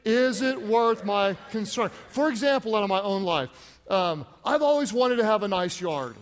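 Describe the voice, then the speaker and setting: Animated high-pitched male pastor preaching. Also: moderate pace. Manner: animated, rises to shouts for emphasis, calls on the congregation. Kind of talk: sermon. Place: large church auditorium. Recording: church hall with long reverb.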